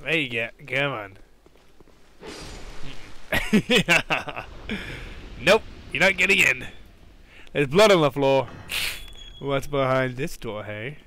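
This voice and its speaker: A man giving excitable let's play commentary, jumpy and quick to swear or squeal when scared. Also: mid-range voice, a little hiss or hum. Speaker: gaming YouTuber.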